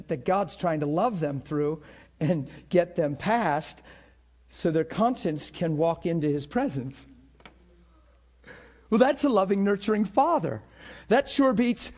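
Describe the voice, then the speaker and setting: A middle-aged male pastor preaching a sermon with passion, dropping to near whispers and rising to shouts. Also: high-pitched, expressive, moderate pace. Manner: impassioned preaching that swings between hushed and shouted.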